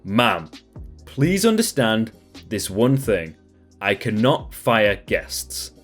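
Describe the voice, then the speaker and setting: A man's voice: fairly low pitch, very animated, takes it slowly, faint music behind, heavily acted. A man reading a story aloud, voicing a polite but firm male restaurant manager. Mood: patient.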